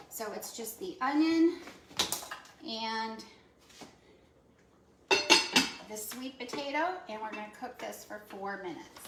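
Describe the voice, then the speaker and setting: Woman cooking demo, slow chatty instructions, roomy distant sound, loud dish clatter. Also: high-pitched, noisy background. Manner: chatty step-by-step instructions with fillers. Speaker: cooking demonstrator. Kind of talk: live cooking demonstration. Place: kitchen.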